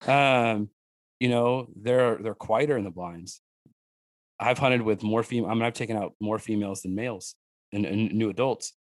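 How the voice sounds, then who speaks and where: Speaking at a moderate pace in a voice low for a man, this podcast guest, a wild game cook and hunter, shares hunting-family stories in a lively, meandering way with fillers and restarts. He mimics his daughters in a higher voice during the casual conversation. The audio is dry and close with no echo.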